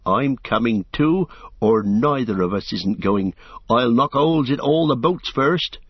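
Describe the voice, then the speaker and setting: A man's voice: medium pitch, lively intonation, unhurried, husky, no room sound. A man reading aloud and voicing a loyal young male hobbit servant who pleads in homely country speech. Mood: determined. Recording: dull lo-fi dry recording.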